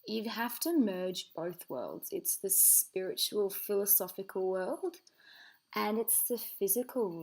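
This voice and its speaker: A woman speaks casually and unscripted to camera, answering a viewer's question about spiritual growth in a rambling, earnest way full of fillers. Her voice is medium-pitched, gravelly, and darkish, and the recording is rough.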